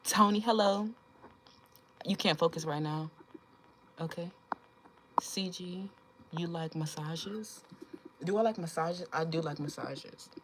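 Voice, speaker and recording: A young woman with a low voice hosts a casual livestream and talks straight to her viewers. She is blunt, swears freely, jokes around and laughs often, speaking slowly with frequent pauses over a faint hiss.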